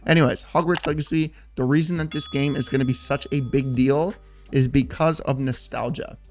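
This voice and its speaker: This thirtysomething gaming YouTuber chats casually in a mid-range voice with fairly even intonation and moderate pace. He rambles, leans heavily on "like," and keeps cutting himself off to restart, with faint music in the background.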